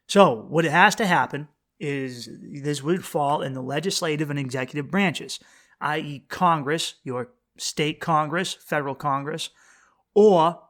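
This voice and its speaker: A man's voice: a little high, a bit bright. A man hosting his own podcast alone, rambling bluntly and profanely, often restarting sentences and throwing rhetorical questions at the listener. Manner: rambling, profane, self-interrupting with frequent restarts. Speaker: podcast host. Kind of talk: casual solo podcast monologue.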